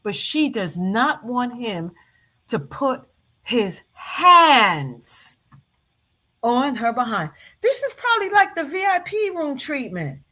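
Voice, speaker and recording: A woman hosts a casual live stream, reacting to a clip and calling out her chat by name. Her voice sits high and swings all over, bright and crisp at the top. She talks in a teasing, animated way. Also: slow pace. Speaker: show host reacting to a video clip.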